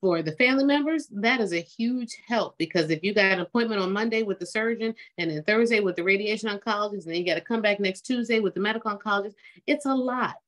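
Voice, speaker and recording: A woman's voice: mid-range voice, fast talker, fairly bright tone. A woman doctor on a talk show panel, speaking earnestly and conversationally about patient care. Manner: earnest, conversational, repeats words when starting. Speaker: breast cancer doctor.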